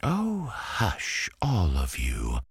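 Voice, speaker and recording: A man voicing a brisk, fussy Halloween witch in a bedtime storybook reading, half-whispered and breathy. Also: sits low, huge pitch swings, no echo, studio quality, voice pushed up, heavily acted.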